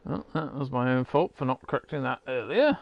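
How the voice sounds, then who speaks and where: A man's voice: medium pitch, expressive, a little fast, vocal fry, muffled recording. A man giving rambling, casual commentary while playing a game, swearing now and then. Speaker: gamer.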